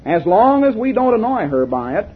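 A man reading aloud as a patient old medieval physician, in measured, earnest speech. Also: high voice, big pitch swings, husky, heavily acted. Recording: lo-fi tinny recording.

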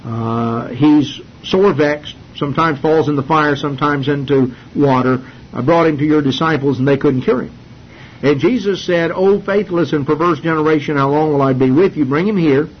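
A man teaching a sermon from the Bible, earnest and halting, with many fillers and restarts. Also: a little high, breathy edge. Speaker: preacher. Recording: dull lo-fi sermon recording with faint hiss.

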